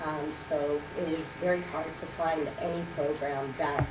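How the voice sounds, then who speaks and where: A mother who is under the weather giving a grateful, emotional public comment, halting as she speaks. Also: low-pitched, steady tone. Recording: roomy hall, distant from mic, loud noise.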